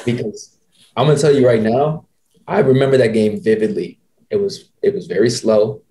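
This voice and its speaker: A man in his twenties with a dark, mellow voice hosts a podcast and tells a long story in a casual way. He talks in an animated, slangy manner. He keeps quoting himself and others as he goes. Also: mid-range voice, moderate pace. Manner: animated, slangy, quotes people in his stories. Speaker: podcast host.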